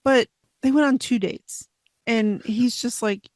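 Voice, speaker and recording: A woman chatting as a podcast guest about a movie, animated and quick to act out what characters say. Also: a little high, dry recording. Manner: animated, acts out characters' lines mid-story. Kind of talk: casual movie review chat.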